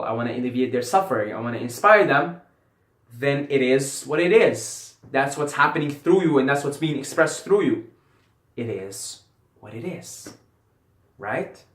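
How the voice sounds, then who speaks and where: A medium-pitched man rambles through a casual philosophical vlog to camera, repeating phrases for emphasis and swearing freely. The sound has a roomy echo.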